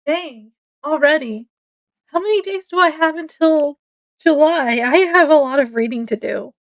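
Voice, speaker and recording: A woman's voice: sits high, normal speed. A woman, rambling casually to camera at home as a book vlogger, with lots of fillers. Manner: rambling, chatty, many fillers. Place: home, indoors.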